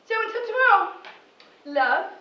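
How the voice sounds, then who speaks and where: A woman teacher talking in an excited, rambling vlog monologue, laughing often and jumping between thoughts. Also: very high-pitched, normal speed. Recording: echoey room, distant dull lo-fi mic, faint noise.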